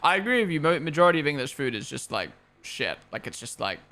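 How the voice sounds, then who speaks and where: A man's voice: fairly high pitch, big pitch swings, fast talker, sharp tone. A young man from Australia and New Zealand, chatting casually on a live stream into a headset, rambling and opinionated, swearing freely. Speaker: streamer hosting a race watchalong. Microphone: gaming headset.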